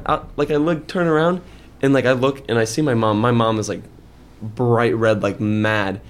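A podcast co-host, a young man in his twenties, tells a story in casual chat, growing more heated as he goes. His animated storytelling is packed with fillers, delivered in a medium-pitched voice at normal speed.

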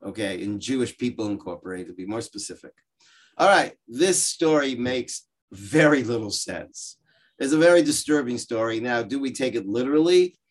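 A man with a mid-range voice gives a religious lesson over a video call. He explains through stories and lively asides. He often breaks into quoted voices for the people in them. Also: mid-range voice, normal speed. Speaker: rabbi teaching a class. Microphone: video call microphone.

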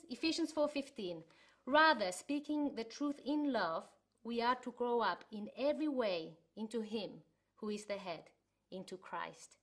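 A woman's voice: on the high side, a bit bright. Earnest woman from Chile giving a sermon. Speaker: church speaker. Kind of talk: sermon for an online congregation.

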